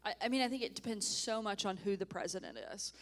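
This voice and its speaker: A woman's voice: mid-range voice, fast talker. A woman in her thirties, a former press secretary, answering questions earnestly and emphatically in an onstage interview at a conference. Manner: earnest, emphatic, even-toned. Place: conference stage.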